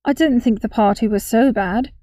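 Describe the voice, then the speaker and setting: A woman's voice: fairly high pitch, normal speed, dark tone, no echo, studio quality, distant mic, close to an everyday voice. A woman voicing a reluctant, sheepish teenage boy who talks without enthusiasm. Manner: unenthusiastic, sheepish.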